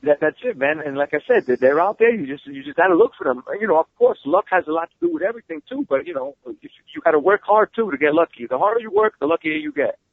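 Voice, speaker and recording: A man guest telling stories in a casual interview, excitable and swearing freely, heard over a phone call. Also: on the high side, no room sound. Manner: fast, excitable storyteller who swears freely. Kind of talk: animated storytelling, casual interview. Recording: tinny phone line.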